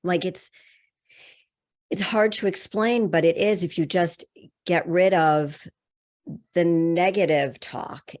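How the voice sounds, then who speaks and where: A woman hosting a podcast, speaking in a reflective, personal way and sharing her own experience with her guest. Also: a little mellow. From Connecticut. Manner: reflective, personal, low-key. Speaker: podcast host. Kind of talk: casual interview chat.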